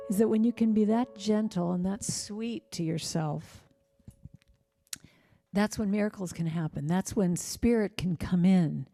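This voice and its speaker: A middle-aged woman giving a gentle, heartfelt inspirational talk in a church, telling personal stories. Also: medium pitch, unhurried, pauses often, over music. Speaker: singer-songwriter speaker.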